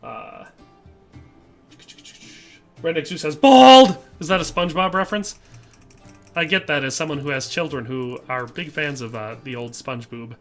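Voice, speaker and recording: A middle-aged streamer from the American Midwest with a Midwestern accent offers casual live gameplay commentary, chatting and reading chat aloud with frequent fillers. His mid-range voice is bright and forceful at normal speed, with long pauses. Soft music plays in the background.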